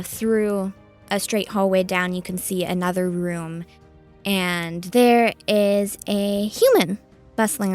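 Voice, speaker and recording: A woman running a tabletop game, describing scenes in a slow, unhurried way and often pausing on fillers. Faint music plays underneath her narration. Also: medium pitch. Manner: hesitant, with many fillers. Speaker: game master.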